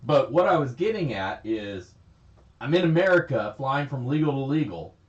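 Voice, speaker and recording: A man's voice: medium pitch, big pitch swings, normal speed. A man chatting casually on a livestream, rambling, laughing often and swearing freely. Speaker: livestream host. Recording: echoey, slightly dull stream audio.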